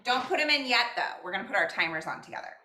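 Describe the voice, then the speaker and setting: A woman leads a virtual cooking class from her home kitchen over a video call, speaking in a bright, clear voice. She stays upbeat and encouraging, counting steps aloud and mixing Spanish phrases into her instructions. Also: fairly high pitch, animated, fast talker, a little hiss or hum.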